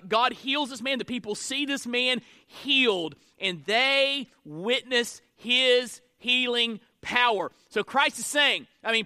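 High-voiced, bright preaching man. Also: dry recording, studio quality. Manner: animated preaching, shifts between loud and soft delivery; asks the congregation questions. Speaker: pastor. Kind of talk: sermon.

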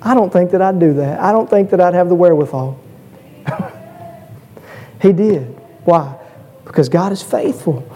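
A man's voice: sits high, animated, normal speed, pauses often, warm tone. A man preaching a sermon, earnest and rising to emphatic peaks, often repeating words as he stresses a point.

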